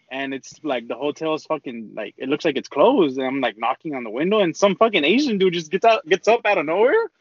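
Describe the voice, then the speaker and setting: A man's voice: fairly high pitch, no room sound. A young man telling a rambling, slang-heavy story in casual chat, with lots of swearing. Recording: dull lo-fi dry recording.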